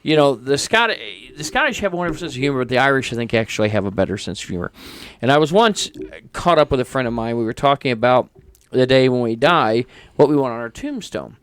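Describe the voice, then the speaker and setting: Male podcast co-host, lively casual storyteller, dry close mic. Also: mid-range voice, quick pace, clean tone, dry recording. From United States. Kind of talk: casual chat.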